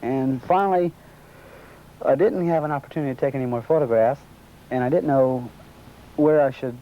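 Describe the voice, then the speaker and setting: A man's voice: medium pitch, moderate pace. A man, interviewed, recounting a personal story at length and acting out the dialogue of the people in it. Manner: storytelling, acts out quoted dialogue. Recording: dull lo-fi recording.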